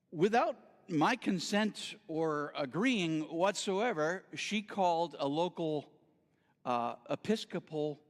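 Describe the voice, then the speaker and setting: Animated male guest speaker in echoey hall. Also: a little high. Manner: animated, theatrical storytelling. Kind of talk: storytelling sermon talk. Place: spiritual center sanctuary. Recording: reverberant hall.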